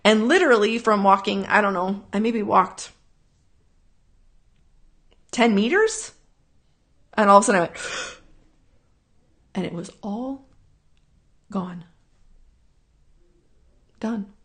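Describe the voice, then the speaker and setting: Woman rambling earnestly on a live stream, bit of vocal fry, keeps repeating herself. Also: mid-range voice, takes it slowly, long pauses, fairly bright tone. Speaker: host answering viewer questions. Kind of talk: casual spiritual talk, live stream.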